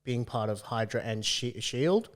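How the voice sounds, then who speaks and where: Regular guy voice, relaxed podcast chat, laughs a lot. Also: medium pitch, measured pace. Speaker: podcast co-host. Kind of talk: casual chat.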